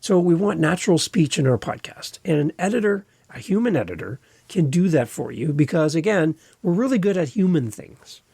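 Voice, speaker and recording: Husky-voiced Canadian man hosting a podcast. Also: a little high, dry recording, clean studio sound. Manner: conversational, expressive pacing with deliberate pauses. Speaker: podcast host and editor. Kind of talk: solo podcast talk.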